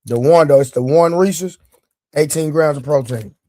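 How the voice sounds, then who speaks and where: This livestream show host has a fairly high, mellow voice and speaks at a moderate pace. He keeps things loose and joking, addressing his chat and naming viewers, while eating during the stream despite a sore leg.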